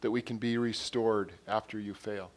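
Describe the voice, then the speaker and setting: A man's voice: fairly low pitch, level tone, moderate pace. A man preaching a sermon in a conversational way, retelling scenes with quoted dialogue and often repeating and restarting words. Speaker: pastor.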